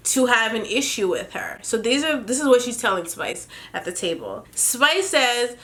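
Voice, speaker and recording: A woman's voice: fairly high pitch, expressive, moderate pace, fairly bright tone. A young woman from Jamaica casually recapping a reality show, chatty and opinionated, laughing as she retells scenes.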